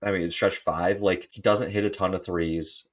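A man's voice: low voice, fairly even intonation, normal speed. A man co-hosting a sports podcast, analyzing players in casual chat with a playful, teasing streak. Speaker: podcast co-host.

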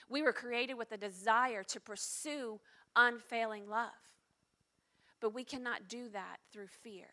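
A woman's voice: fairly high pitch, measured pace. Earnest middle-aged woman preaching. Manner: earnest, confessional, dropping to hushed tones at times. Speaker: pastor. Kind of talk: sermon.

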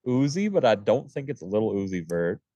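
Low-voiced man in blunt podcast chat. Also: big pitch swings, normal speed, warm tone, no echo, lo-fi sound. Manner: blunt, laughs often, swears casually. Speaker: podcast co-host. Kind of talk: casual music review chat.

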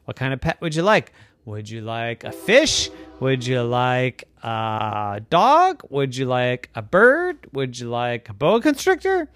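A man's voice: medium pitch, huge pitch swings, slow pace, a bit bright, no room sound, heavily acted. A man voicing a patient, puzzled pet store clerk who offers pets in a chatty, doubtful way. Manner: doubtful, chatty salesman questions.

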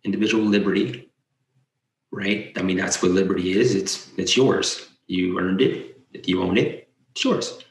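A man's voice: deep voice, steady tone, normal speed. A man giving casual commentary as he reads points aloud, with sarcastic, incredulous asides. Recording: echoey room.

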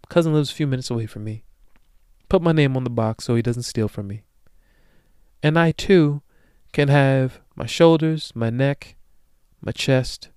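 A young man hosting his own podcast, ranting jokingly in slang and swinging between loud bursts and low mutters. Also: clean tone, no echo, studio quality. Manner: profane, joking rants with slang. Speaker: podcast host. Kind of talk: solo podcast monologue.

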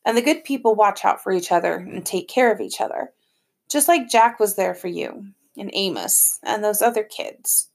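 A woman reading the lines of a gentle, caring mother of a young boy in an audiobook, with a soothing, reassuring manner. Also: medium pitch, normal speed, creaky.

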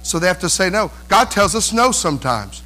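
High, bright-voiced male preacher. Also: fairly quick. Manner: animated preaching, mimics whiny voices, calls for amens. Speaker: pastor. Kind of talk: sermon.

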